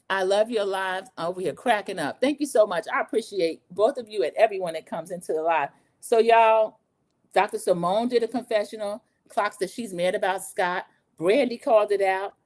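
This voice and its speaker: A woman in her forties hosting a casual livestream recap, gossipy and animated, talking straight to her viewers. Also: mid-range voice. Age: 40s. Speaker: show recap host.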